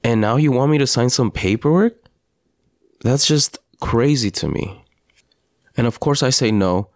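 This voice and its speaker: A father hosting a podcast, telling his story in an earnest, halting personal monologue with frequent restarts. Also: medium pitch, lively intonation, no room sound, clean studio sound. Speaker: podcast host.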